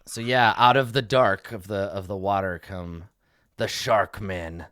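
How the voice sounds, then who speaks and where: A man narrating as game master in a tabletop game, animated and laughing, with frequent fillers. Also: lowish voice, unhurried, no echo, clean studio sound.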